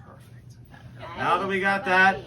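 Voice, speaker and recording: A man's voice: sits high, little pitch movement, slow, background noise. A man with a Newfoundland accent leading a crowd through a joking screech-in ceremony, playful and teasing. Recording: distant mic with loud background.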